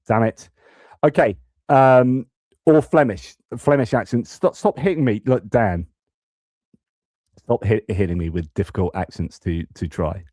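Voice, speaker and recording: Casting note: male live stream host, casual rambling commentary, low mellow voice, dry sound. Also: measured pace, pauses often, no echo. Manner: chatty, rambling, many fillers and restarts.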